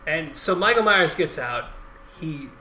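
A podcast co-host in easygoing chat, retelling movie scenes and quoting the characters' lines. The voice is bright and forceful. The room adds a noticeable echo. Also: mid-range voice, expressive, a little slow, a little hiss or hum. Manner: laid-back, retells scenes with quoted lines. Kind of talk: casual chat. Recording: echoey room.

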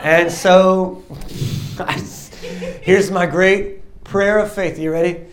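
A man's voice: high voice, slow pace, soft background music. A young man in his twenties preaching a personal testimony, storytelling with acted-out dialogue and frequent laughs. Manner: animated storytelling, acts out dialogue, laughs often. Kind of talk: testimony sermon.

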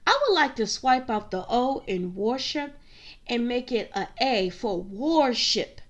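High-voiced woman preaching a fervent sermon. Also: animated, unhurried. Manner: fervent, addresses listeners as saints and queens.

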